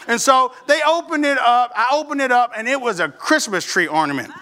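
A male pastor telling a playful, animated story to his congregation in church, talking to the people directly. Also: very high voice, a little fast, hardly any pauses. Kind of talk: storytelling sermon.

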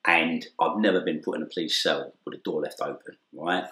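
A man's voice: a bass voice, fairly quick. A middle-aged man telling an anecdote in casual conversation, acting out the dialogue and laughing often. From England. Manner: animated storyteller, acts out dialogue, laughs often. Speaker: interview guest. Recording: echoey room.

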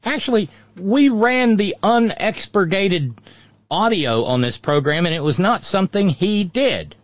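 A man with a high, animated voice hosts a political talk show, speaking unhurriedly with sarcastic, mocking commentary. He sneers and does mocking impressions, and the recording is dry, dull lo-fi audio with no echo.

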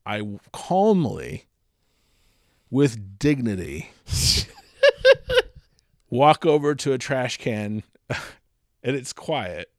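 Animated man telling a story. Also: mid-range voice, very slow, long pauses, no echo, clean studio sound. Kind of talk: casual storytelling chat.

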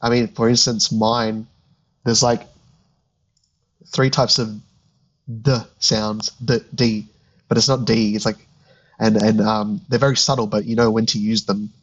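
A man's voice: lowish voice, flat delivery, a little slow, pauses often, dull audio. A young man co-hosting a podcast, chatting in an easygoing, agreeable way and thinking aloud. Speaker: podcast co-host. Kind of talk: casual chat.

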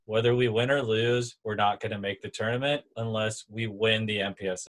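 A man's voice: fairly low pitch, brisk. A young man, a former volleyball player, telling a sports story in casual chat and acting out what others said. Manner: animated storyteller, acts out quotes.

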